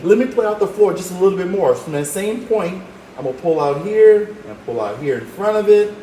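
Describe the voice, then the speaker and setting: Guy walking you thru a drawing step by step, kinda high voice, roomy echo, faint hum behind. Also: expressive, a little fast, mellow. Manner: encouraging, talks while drawing step by step. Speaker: art teacher. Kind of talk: drawing demonstration.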